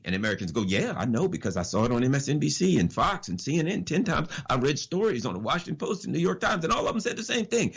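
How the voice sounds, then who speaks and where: A man with a husky, slightly raspy voice speaks as a guest on a radio show. His delivery is animated and preachy, with pitch that rises and falls widely. He throws out rhetorical questions and repeats his lines for emphasis. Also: a little fast. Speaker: political analyst guest. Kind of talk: impassioned radio commentary.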